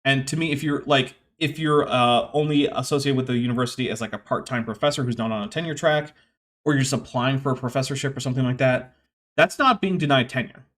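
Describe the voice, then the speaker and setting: A man's voice: medium pitch, fast talker, a bit bright. A man hosting a live stream, chatting casually and sardonically, with frequent fillers. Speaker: streamer and host.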